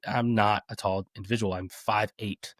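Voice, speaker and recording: A man around thirty hosting a podcast, talking in a relaxed, chatty way with frequent fillers, restarts and laughter. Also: on the low side, normal speed, no room sound, clean studio sound. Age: 30s. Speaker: podcast host. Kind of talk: casual podcast conversation.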